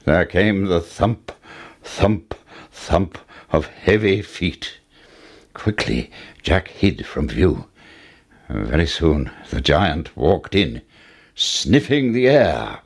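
A man narrates a fairy tale in a slow, unhurried storybook style. His lowish, husky voice rises and falls dramatically from hushed lines to big exclamations. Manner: expressive, dramatic reading.

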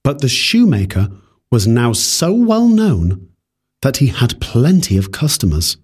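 A man reading a fairy tale aloud in a calm, measured way. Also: medium pitch, breathy edge. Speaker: storyteller.

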